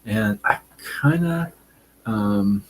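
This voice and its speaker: A man hosting a casual live stream, reading viewer comments and talking in a relaxed, deliberate way with frequent fillers. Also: fairly low pitch, rough recording.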